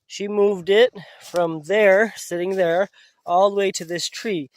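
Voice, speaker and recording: A man vlogging at an outdoor camp in the woods, talking casually to the camera. He gets emotional and uses a soft voice with his pets. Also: high voice, steady tone, takes it slowly, dry recording. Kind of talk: casual vlog talk to camera.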